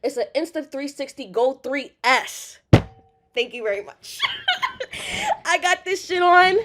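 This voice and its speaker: A nervous young woman on her first live stream, chatting casually, laughing often and swearing freely, jumping between loud outbursts and quiet murmurs. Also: high voice, expressive, normal speed, very noisy.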